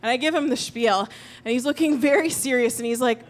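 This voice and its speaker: A woman speaking in a church service, telling a story with lively, animated delivery. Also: fairly high pitch, a little fast. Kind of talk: sermon storytelling. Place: church auditorium.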